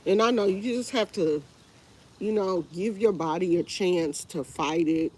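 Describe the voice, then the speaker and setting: Slow-talking stuffy-nosed woman. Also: fairly low pitch, a little mellow. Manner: rambling, tired and fed up. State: congested, stuffy nose. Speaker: livestream host. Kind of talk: casual live chat with viewers.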